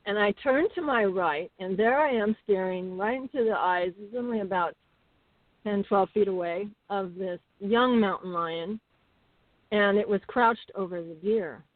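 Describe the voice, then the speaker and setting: A middle-aged woman telling homestead stories as a guest, chatty and animated with many fillers. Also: mid-range voice, a little slow, dry recording. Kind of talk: casual interview storytelling. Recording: tinny phone-like call audio.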